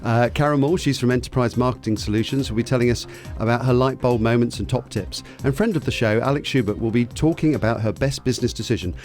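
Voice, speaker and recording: Male local-radio host, casual and self-deprecating, mid-pitched voice, faint music bed. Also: quick pace, hardly any pauses, a little mellow. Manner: chatty, self-deprecating, stumbles over names. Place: radio studio.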